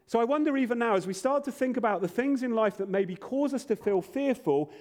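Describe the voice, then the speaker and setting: A man's voice: very high-pitched, expressive, brisk, darkish tone. A man preaching a sermon as pastor, earnest with playful asides.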